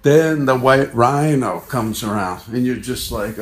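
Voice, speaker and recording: A man's voice: medium pitch, unhurried, hardly any pauses. A man hosting a podcast, telling a meandering comic story in a chatty way and acting out other people's lines. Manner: chatty, meandering, acts out quoted voices. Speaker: podcast host. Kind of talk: rambling comic monologue.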